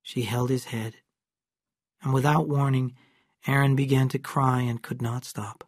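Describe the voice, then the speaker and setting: A narrator reading a classic novel aloud in slow, clear, evenly paced English for learners. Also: mid-range voice, fairly even intonation, no echo, clean studio sound.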